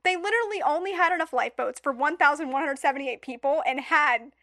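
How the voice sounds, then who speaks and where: Woman, podcast co-host, playful reader, bright tone, dry studio sound. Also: sits high, quick pace, dry recording. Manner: playful, laughs often, stumbles over long read passages. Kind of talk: casual chat, reading research notes aloud.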